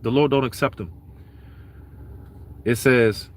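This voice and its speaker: A man, ranting emphatically in an unscripted sermon and reading scripture between profane asides. His voice sits at a middling pitch for a man. A faint hum of vehicle noise runs under the recording. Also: slow, long pauses. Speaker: street preacher.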